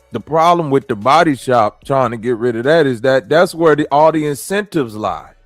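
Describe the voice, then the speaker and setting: A man's voice: medium pitch, no echo. A man from the American Midwest hosting a stream, reacting to clips and talking to his chat in blunt, profane slang. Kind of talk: casual commentary with chat.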